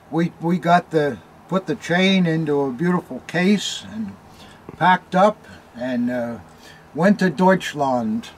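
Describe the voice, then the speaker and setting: Slow rambling older man with a higher voice. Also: slight background noise. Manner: slow, rambling, many ums and uhs; smoking a cigar while talking. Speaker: host. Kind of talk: casual storytelling.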